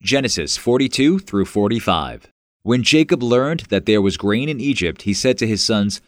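A man narrating a Bible story in a measured, plain reading. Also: lowish voice, expressive, dry recording, clean studio sound.

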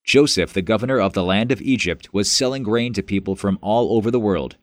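A man narrating a Bible story in a measured, plain reading. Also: lowish voice, no room sound.

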